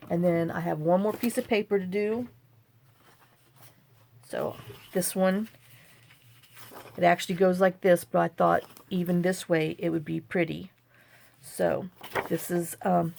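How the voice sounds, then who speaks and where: A woman's voice: lowish voice, steady tone, unhurried, gravelly, pauses often, a little mellow, slight background noise. An older woman hosting a chatty crafting tutorial, rambling and talking to herself as she works at a home craft table. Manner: rambling, chatty, talks to herself while working.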